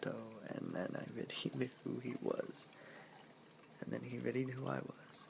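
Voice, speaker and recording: A man reading a novel chapter aloud as a whispered ASMR reading, in a soft, slow whisper. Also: medium pitch, flat delivery, vocal fry, background noise. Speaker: reader.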